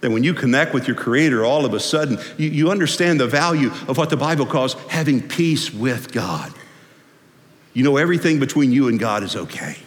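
A man preaching a sermon as pastor, folksy and animated, swinging from loud to hushed. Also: mid-range voice, brisk. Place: church sanctuary. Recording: long hall reverb.

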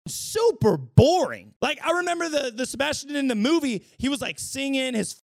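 A man giving a casual vlog movie review, slangy and animated, at times bursting into shouts. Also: extremely high pitch, moderate pace, gravelly, no room sound, clean studio sound.

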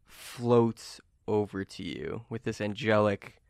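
A man narrating as game master in a tabletop game, animated and often laughing. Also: lowish voice, takes it slowly, creaky, no room sound, studio quality.

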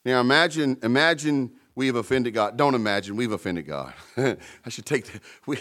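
A man's voice: mid-range voice, expressive, moderate pace, fairly bright tone. A man preaching a sermon in a conversational way, with playful asides and emphatic peaks. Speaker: pastor.

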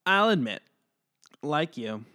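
Male podcast co-host, higher voice, lively intonation, wry and measured. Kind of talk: casual podcast chat.

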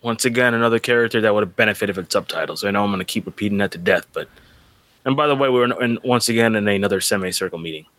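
Bright-voiced wry man. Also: on the low side, racing, no room sound. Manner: wry, trivia-sharing. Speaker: co-host. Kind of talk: casual movie commentary chat.

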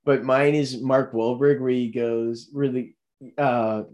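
A man's voice: medium pitch, steady tone, slow, darkish tone. A man co-hosting a casual movie podcast, rambling with lots of fillers and restarts. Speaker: podcast co-host.

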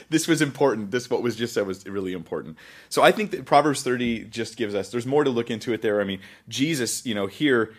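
Man, pastor, lowish voice, casual bible teaching, laughs a lot, self-deprecating.

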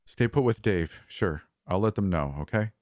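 A man's voice: on the low side, expressive, normal speed, a little mellow, dry recording, studio quality, lightly acted. A man voicing an older brother who speaks urgently and insistently, voice trembling. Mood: tense, stern. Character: worried older brother, stern and shaken.

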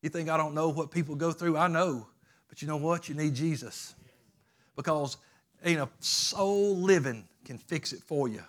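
Emphatic preaching man, fairly high voice. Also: moderate pace. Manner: emphatic preaching with swings between loud peaks and soft lows. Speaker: pastor. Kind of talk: sermon.

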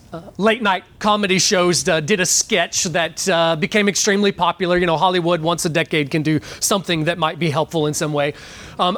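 A man preaching a live sermon, moving from a hushed opening prayer into lively storytelling and emphatic questions. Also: high-pitched. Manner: prayerful then animated storytelling, rising to emphatic shouts. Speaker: pastor. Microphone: live church microphone.

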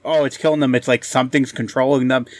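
A man's voice: mid-range voice, steady tone, fast talker, a little mellow. A man from Pennsylvania co-hosting a gaming podcast, hesitant, with lots of uhs and short answers. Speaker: podcast co-host. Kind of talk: casual gaming podcast chat.

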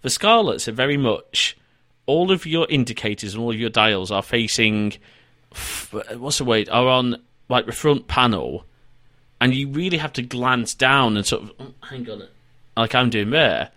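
A man's voice: medium pitch, normal speed, pushed and bright, no room sound, clean studio sound. A man hosting an online interview, chatty and adding enthusiastic asides. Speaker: podcast host. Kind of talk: conversational interview.

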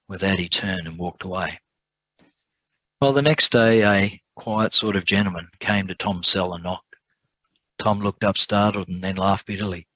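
Husky male preacher telling a story. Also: fairly low pitch, moderate pace, pauses often, bright, forceful tone, no echo. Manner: narrating a parable, dramatic. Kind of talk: sermon storytelling.

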